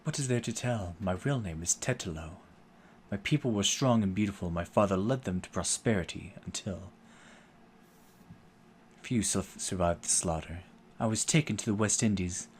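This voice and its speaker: A man's voice: sits low, moderate pace, a little hiss or hum, close to an everyday voice. A man voicing a proud, bitter young enslaved woman who speaks curtly and keeps her guard up. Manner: curt and guarded.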